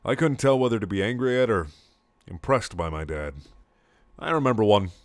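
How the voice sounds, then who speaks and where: A young man reading a comedic story aloud in clipped, deadpan lines with sudden loud outbursts. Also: on the low side, fairly quick, no echo.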